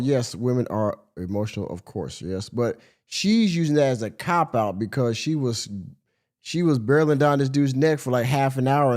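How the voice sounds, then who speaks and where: A man hosting a livestream podcast, reacting to clips in a blunt, exasperated way and swearing freely. His voice sits mid-range with a dark, mellow tone. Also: mid-range voice. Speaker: podcast host.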